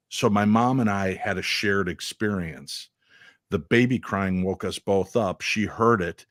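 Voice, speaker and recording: A man as a radio guest, recounting a personal experience in a halting way with many fillers. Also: lowish voice, dry recording, clean studio sound. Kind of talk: radio interview storytelling.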